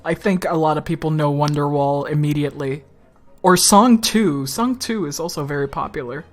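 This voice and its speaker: A woman's voice: deep voice, normal speed, faint music behind. A woman giving casual commentary over a video game, blunt and chatty, swearing freely and laughing often. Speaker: let's play streamer.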